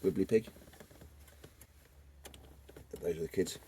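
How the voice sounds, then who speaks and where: A man's voice: low voice, slow pace, warm tone, slight background noise. A man chatting casually and rambling with jokes as he fits a car stereo himself. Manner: rambling and jokey, talking to himself as he works. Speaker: car DIY vlogger. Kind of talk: casual workshop chat while fitting a stereo.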